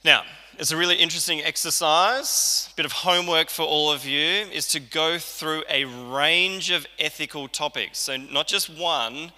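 A man's voice: fairly high pitch, measured pace, pushed and bright. A man preaching a sermon in a conversational way, acting out the lines he quotes. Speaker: pastor. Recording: church hall reverb.

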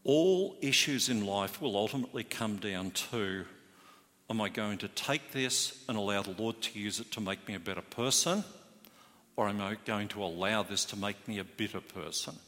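Pastor guy preaching, bright edgy voice, big hall echo. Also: lowish voice, animated, normal speed. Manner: earnest, emphatic, rising to stress key words. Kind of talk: sermon. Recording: hall reverb.

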